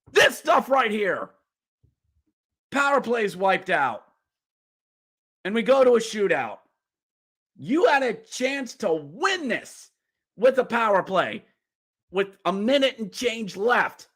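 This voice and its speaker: A high-pitched man hosts a hockey podcast, recapping the game as a fan. His pitch swings widely, and during the tense plays he yells and gets riled up. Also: very animated, slow, long pauses, slightly rough. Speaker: podcast host.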